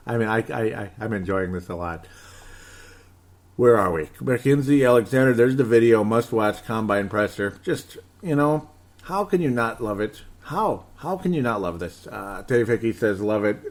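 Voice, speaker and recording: A man's voice: fairly low pitch, moderate pace. Hyper, rambling man in his thirties. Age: 30s. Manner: hyper, excitable, rambling with laughs. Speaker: podcast host. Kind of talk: casual sports podcast chat reading comments.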